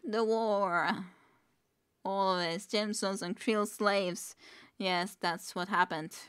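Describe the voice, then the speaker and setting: A woman's voice: mid-range voice, steady tone, slow pace, fairly bright tone, smooth. A woman voicing a tiny winged jungle creature that babbles in tremulous riddles. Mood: wailing. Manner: babbling nonsense, tremulous, sobbing.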